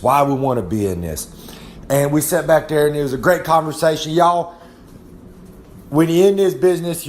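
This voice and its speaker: A man's voice: medium pitch, slight background noise. A young man with a Southern American accent, a wrestler talking casually in a rambling, folksy drawl and calling himself by name in the third person. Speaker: wrestler giving a podcast segment. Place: his trailer at home.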